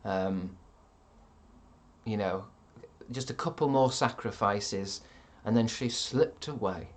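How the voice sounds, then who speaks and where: Deadpan man streamer. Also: on the low side, takes it slowly. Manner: deadpan, sardonic, swearing often. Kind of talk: casual chat reading viewer comments.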